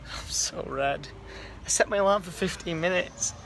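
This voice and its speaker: A young man, chatting casually in a vlog around his house and garden, excitable and swearing freely. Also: high-pitched, moderate pace, creaky, slight background noise. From England. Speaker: vlogger.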